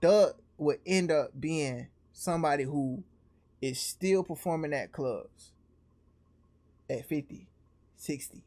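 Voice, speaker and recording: A man with a slight Atlanta accent giving casual, slangy reaction commentary as a streamer, full of quick restarts. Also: on the high side. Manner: animated, slangy, fast restarts.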